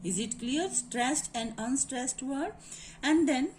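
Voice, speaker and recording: Speaking with an Indian English accent, a woman teacher lectures on grammar, repeating her points and asking students "is it clear?" Her high-pitched voice is a little mellow, and she takes it slowly. The low-quality recording has slight background noise.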